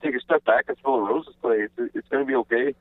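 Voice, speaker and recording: A man's voice: medium pitch, quick pace, no echo. A male caller telling a meandering, overly apologetic comic story over the phone. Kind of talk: rambling comic call-in story. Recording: tinny phone line.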